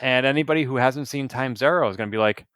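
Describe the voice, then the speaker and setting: A man's voice: medium pitch, quick pace, fairly bright tone, clean tone. A man co-hosts a podcast in easy, rambling chat, often restarting his sentences. His voice sits in a middle register. The sound is dry and close, with no room echo. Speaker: podcast co-host. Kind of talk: casual chat.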